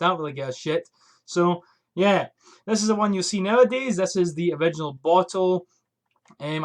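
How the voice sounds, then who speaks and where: A young man vlogging from a small attic room into a USB desk mic, ranting and swearing in exasperation before his fragrance review. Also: high voice. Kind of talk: casual vlog rant. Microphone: USB desk microphone.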